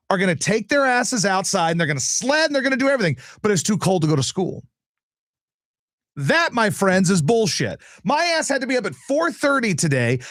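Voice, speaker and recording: A man's voice: high-pitched, a bit bright, no room sound, clean studio sound. A male show host ranting casually, profane, exasperated and sarcastic. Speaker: radio and live-stream host.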